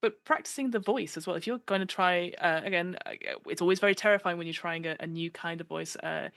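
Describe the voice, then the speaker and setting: A woman guest on a podcast chatting casually, animated and given to acting out the voices she quotes, with plenty of fillers. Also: on the low side, quick pace, gravelly, no echo.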